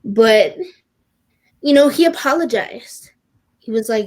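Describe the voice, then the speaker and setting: A teenage girl with a fairly high voice speaks as a guest on a podcast. She talks earnestly and with open emotion, often breaking off and restarting her sentences. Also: lively intonation, a little mellow. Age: teens. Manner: earnest, halting, with many restarts; openly emotional. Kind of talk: personal podcast conversation.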